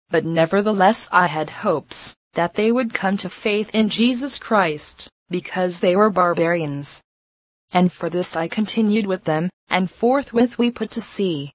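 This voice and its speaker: Brief: woman narrator, low voice, measured and solemn, dry close recording. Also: no echo, low-quality recording. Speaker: reader. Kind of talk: scripted narration of a religious text.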